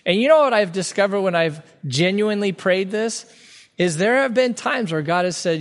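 High-voiced man preaching in a reverberant hall. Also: expressive, a little fast. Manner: earnest, emphatic preaching with frequent restarts. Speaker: pastor. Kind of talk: sermon.

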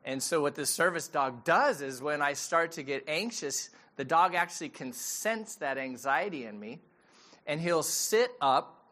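A man's voice: fairly high pitch, sharp tone. A middle-aged man, a pastor giving a sermon in a conversational storytelling way and asking the audience questions.

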